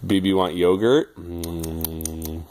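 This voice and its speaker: A man talking baby talk to his toddler, asking slow sing-song questions and making animal sounds. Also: deep voice, fairly even intonation, noisy background. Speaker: parent.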